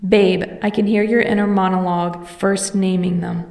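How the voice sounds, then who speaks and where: A woman's voice: medium pitch, steady tone, moderate pace, vocal fry, a little mellow, no room sound, natural voice. A woman voicing an easygoing, affectionate teenage boy in a podfic reading, light and frank in manner. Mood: fond.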